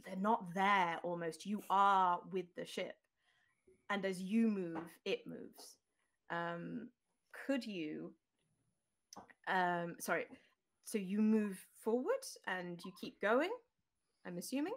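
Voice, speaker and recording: A woman's voice: mid-range voice, slow pace, vocal fry, pauses often, fairly bright tone. A woman game master narrating an online tabletop game in a loose, descriptive way, thinking aloud as she goes.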